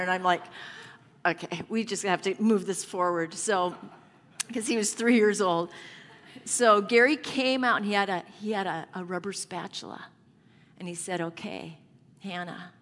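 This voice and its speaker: Female preacher, middle-aged, earnest conversational storytelling; mid pitch, reverberant sanctuary. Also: fairly bright tone, slight background noise. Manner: earnest, conversational anecdote building to emotion. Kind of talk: sermon storytelling. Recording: long hall reverb.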